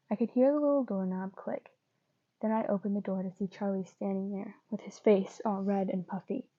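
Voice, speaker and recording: A woman reading fanfiction aloud in an earnest first-person voice, with pauses and small slips. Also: mid-range voice, fairly even intonation, dry recording, phone-quality sound. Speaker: fanfiction reader.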